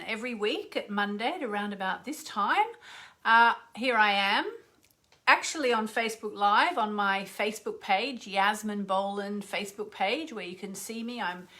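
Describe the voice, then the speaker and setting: A middle-aged woman hosts a casual livestream as an astrologer, her voice sitting a little high. She chats loosely and greets viewers by name before going on air. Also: pushed and bright. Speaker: astrologer and radio host.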